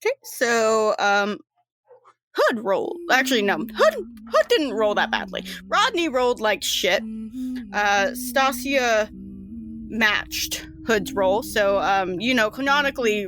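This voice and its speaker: A woman's voice: on the high side, sing-song, takes it slowly. A woman narrating as game master in a loose, casual way with frequent fillers and swearing. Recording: music playing behind.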